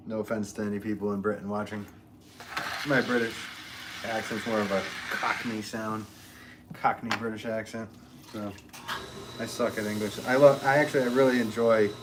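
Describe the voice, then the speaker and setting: A middle-aged man chatting casually during a pottery livestream, rambling and reading out viewer comments with many fillers and restarts. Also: fairly low pitch. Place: pottery studio. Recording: steady noise in the background.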